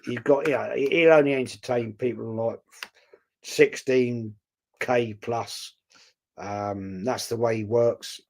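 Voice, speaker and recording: A man's voice: medium pitch, fairly even intonation, slow pace, gravelly, darkish tone. A man chatting casually on a live stream, reading out viewer comments and answering them bluntly. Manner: blunt, outspoken, chatty, calls viewers mate.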